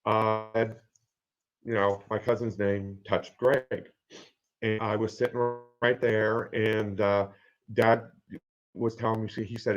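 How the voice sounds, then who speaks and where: A man in his fifties telling a personal story in a halting, earnest way, with many pauses and fillers. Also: on the low side, flat delivery, highs cut off. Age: 50s. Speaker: guest sharing his story.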